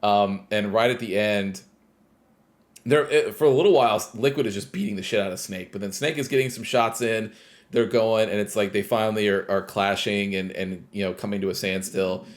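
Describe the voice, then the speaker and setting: A man co-hosting a casual video game podcast, retelling a game's story scene by scene in a relaxed, rambling way. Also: on the low side, moderate pace. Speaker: podcast co-host.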